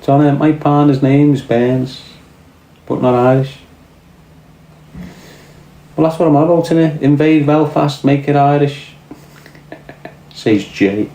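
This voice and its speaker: A man's voice: on the high side, flat delivery, a little slow, long pauses, dark tone. A man with a Scouse accent hosting a casual podcast chat, rambling and reading out viewer comments. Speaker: podcast host. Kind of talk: casual live-stream chat. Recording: echoey room.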